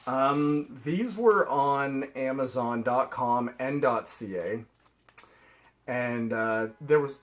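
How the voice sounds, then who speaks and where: A man's voice: medium pitch, slow, poor audio. A middle-aged man from Canada, rambling chattily through a haul vlog and laughing at himself. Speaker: reseller vlogger.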